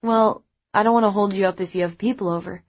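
A woman voicing a sullen teenage brother who mutters flatly, in an audiobook. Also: mid-range voice, quick pace, no echo, dull audio, lightly acted.

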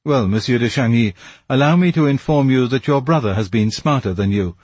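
Smug police commissary with a husky voice and brisk, pointed questions, read by a man. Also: mid-range voice, darkish tone, no room sound, lightly acted. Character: smug self-satisfied male police commissary.

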